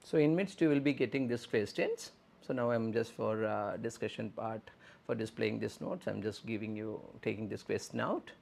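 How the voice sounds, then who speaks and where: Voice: mid-range voice, normal speed, creaky, darkish tone. A teacher leading a live online speaking lesson, explaining step by step and repeating phrases. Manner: instructive, repeats phrases, often says okay. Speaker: language exam teacher.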